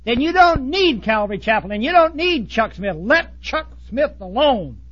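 A man preaching a blunt, folksy sermon to ministers, swinging from loud outbursts to hushed asides. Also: very high voice, very animated, moderate pace, highs cut off. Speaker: pastor.

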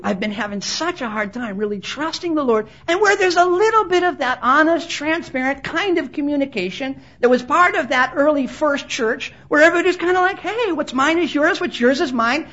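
A woman's voice: sits high, fairly bright tone. A woman preacher delivering an impassioned sermon at a conference, acting out quoted voices and urging her listeners to listen. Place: conference hall. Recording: dull lo-fi sermon recording.

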